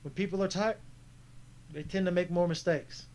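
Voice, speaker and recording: A man's voice: sits high, normal speed. A man commenting casually on footage of his own basketball game, frustrated and critiquing his teammates. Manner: frustrated, animated coaching critique.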